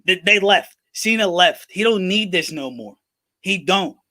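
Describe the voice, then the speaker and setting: A man's voice: high voice, lively intonation, a little slow, bright, forceful tone. A man co-hosting a sports talk show, making emphatic points and repeating them for force. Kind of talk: casual debate.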